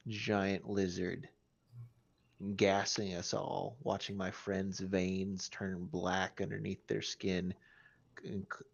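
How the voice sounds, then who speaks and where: A man running a tabletop game as game master, talking slowly and deliberately. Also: low-pitched, highs cut off. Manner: slow, deliberate, gravelly.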